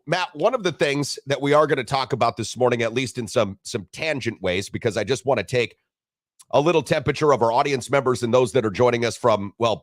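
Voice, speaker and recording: Male sports radio host, lively swooping delivery, dry close sound, crude joker. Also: medium pitch, no room sound. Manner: animated, wisecracking, crude jokes. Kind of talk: casual sports talk show banter.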